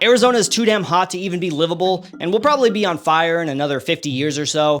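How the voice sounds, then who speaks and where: Talking over a map, a young man who makes online content delivers comedy commentary that is sarcastic and animated. He makes big leaps in pitch to emphasize his points.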